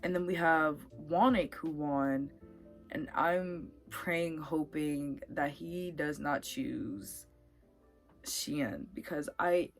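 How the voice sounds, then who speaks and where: A young woman chatting casually to camera about a reality dating show, getting animated and worked up as she talks. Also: sits low. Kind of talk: casual chat.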